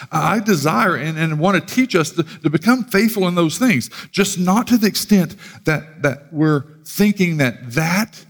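A male pastor preaches in a loose, conversational way, with a gravelly edge to his voice. He restarts and repeats words as he goes. A long reverb rings through the large hall. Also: on the high side. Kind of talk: sermon.

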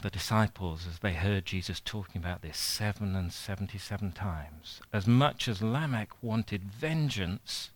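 A man preaching a sermon in a conversational way, retelling a parable with animated asides. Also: lowish voice, a little slow, few pauses.

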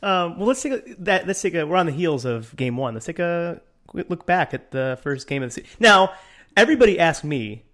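A man's voice: a little high, big pitch swings, a little fast, a bit bright. A man co-hosting a podcast, chatting casually with many hesitations and easy laughs. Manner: hesitant, lots of ums, laughs easily. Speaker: podcast co-host. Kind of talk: casual chat.

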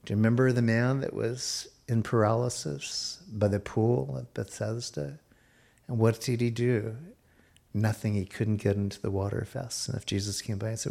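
Man, pastor, sermon, lowish voice, expressive preaching. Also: normal speed, gravelly. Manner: expressive preaching, varies pace, speaks quoted lines softly.

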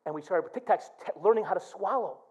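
With a high-pitched, breathy-edged voice and a quick pace, a middle-aged man delivers a sermon as pastor. His preaching is animated, mixing stories with prayers he acts out and quotes.

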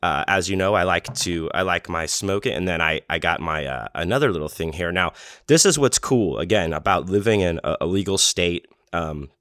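Deep-voiced man rambling on a podcast. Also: normal speed, fairly bright tone, dry recording, clean studio sound. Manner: rambling, laid-back, self-deprecating. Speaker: podcast host. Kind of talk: casual storytelling monologue. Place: home in Las Vegas.

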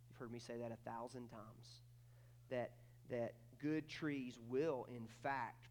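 A man preaching a sermon with emphatic swings between loud, high bursts and quiet, low stretches, often repeating words as he starts a thought. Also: slow. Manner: acts out quoted voices in dialogue. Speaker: pastor.

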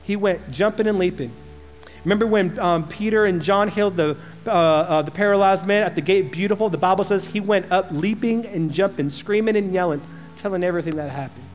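High-voiced passionate male pastor preaching. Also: faint music behind. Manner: passionate, swings from loud emphasis to quiet slow lines. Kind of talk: sermon.

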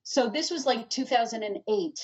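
A woman's voice: a little high, moderate pace, husky. Rambling middle-aged woman, distant muffled mic. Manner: animated, rambling, many restarts and "you know". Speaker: mother telling her story. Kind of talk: conversational interview storytelling.

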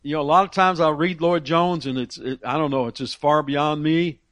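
A man's voice: fairly high pitch, steady tone, moderate pace, fairly bright tone, no echo. A man preaching a sermon in an earnest, emphatic way, often restarting phrases and reading quotations aloud.

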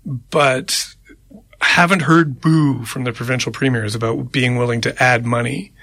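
Speaking unhurriedly into a studio microphone in a radio studio, a male co-host casually rambles about city politics and tallies names aloud. His mid-range voice is fairly bright with fairly even intonation, and the recording is dry.

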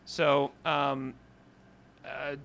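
A native English-speaking man co-hosts a podcast, telling history stories in a casual comedic chat that's animated, jokey, and sprinkled with swearing. His mid-range voice is gravelly and very slow.

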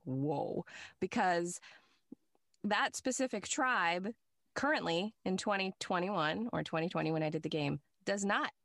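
A woman voice actor chatting as a guest in an interview, telling animated anecdotes and laughing often. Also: on the low side, no room sound, clean studio sound. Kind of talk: casual interview chat.

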